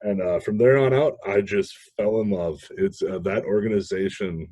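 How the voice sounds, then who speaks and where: A man from Minnesota, a guest on a podcast, telling stories from his past in an animated, casual way and laughing often. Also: on the low side, normal speed, no echo. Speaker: podcast guest, sales manager. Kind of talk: casual storytelling interview.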